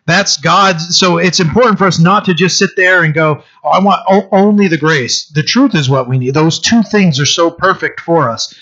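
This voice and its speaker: A man with a slightly high voice, preaching a sermon in a loose, conversational way. He restarts his sentences often and fills the gaps with "uh" and "you know". The recording sounds dull and lo-fi. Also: normal speed, hardly any pauses, sharp tone. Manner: conversational, with frequent restarts and fillers. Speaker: pastor.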